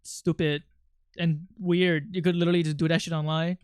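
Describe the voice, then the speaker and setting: A man's voice: on the high side, level tone, normal speed, a little mellow, clean tone, dry recording, clean studio sound. A man chatting casually on a livestream, rambling with lots of fillers and restarts. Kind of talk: casual stream chat.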